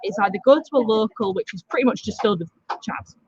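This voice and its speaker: A woman's voice: mid-range voice, fast, a little mellow, muffled recording, a little hiss or hum. A woman with a Yorkshire accent, a bar manager chatting casually in a pub garden, rambling and laughing easily. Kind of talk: casual chat. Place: outdoor pub garden, off camera.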